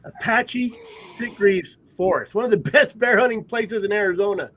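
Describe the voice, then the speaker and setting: Chatting casually on a podcast over a remote call from his trailer at home, a rambling male host tells loose stories and laughs often between them. His voice is high and fairly bright, at a normal speed.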